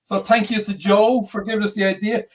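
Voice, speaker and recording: An upbeat male co-host talks on a casual livestream in a notably high voice. He stresses his words with plenty of enthusiasm. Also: little pitch movement, brisk, recorded from a distance. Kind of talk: casual chat.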